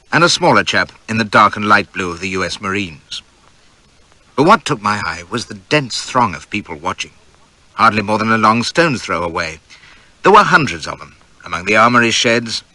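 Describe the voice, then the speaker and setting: A man's voice: fairly low pitch, pushed and bright, dry recording. A man reading a novel aloud in first person, with wry, vivid, swaggering storytelling. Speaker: audiobook narrator.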